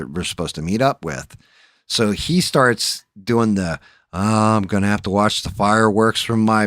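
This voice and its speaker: Profane, animated male storyteller. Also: lowish voice, no echo, studio quality. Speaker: livestream host. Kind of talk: casual storytelling chat.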